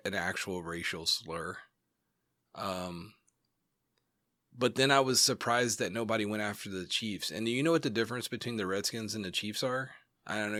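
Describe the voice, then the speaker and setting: Recorded dry and at studio quality on a studio mic in a home studio, a podcast co-host with a lowish, sharp-toned voice chats casually. He meanders, uses plenty of fillers, and offers blunt opinions laced with profanity.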